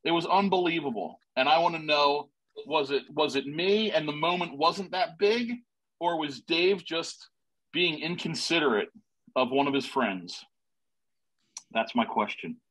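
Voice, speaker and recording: A husky man with a slightly high voice tells a rambling, excited story to a panel. He talks loosely, restarting his sentences as he goes. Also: unhurried, low-quality recording. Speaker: panel guest. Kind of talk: casual storytelling.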